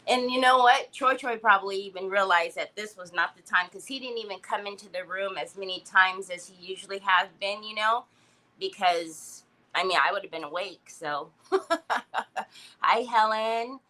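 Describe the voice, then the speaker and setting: A woman's voice: medium pitch, normal speed, pushed and bright, rough recording. A woman hosting a casual craft livestream, greeting viewers by name and laughing often. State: recovering from a headache.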